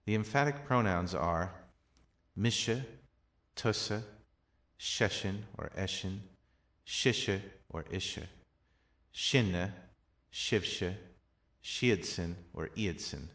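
A man with a very deep, low voice reads a recorded language lesson. He speaks slowly and deliberately, enunciating every example phrase with care. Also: fairly bright tone. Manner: slow, measured, careful enunciation of each example. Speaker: language teacher.

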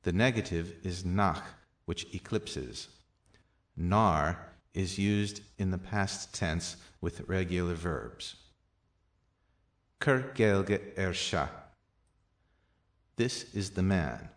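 Guy reading out practice sentences real slow, lowish voice, quiet little asides. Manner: slow and deliberate, with soft low asides. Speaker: language teacher.

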